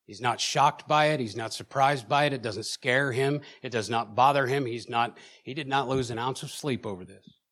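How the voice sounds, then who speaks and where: A man preaching in a church, telling his own story with emotion, at times loud and at times hushed, often repeating words as he presses on. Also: mid-range voice, moderate pace, hardly any pauses. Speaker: preacher sharing a personal testimony. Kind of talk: sermon testimony.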